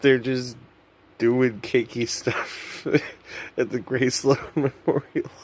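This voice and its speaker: A man's voice: medium pitch, level tone, takes it slowly, a little hiss or hum. A young man vlogging to camera in a rambling, self-mocking comedic monologue that often loses its thread.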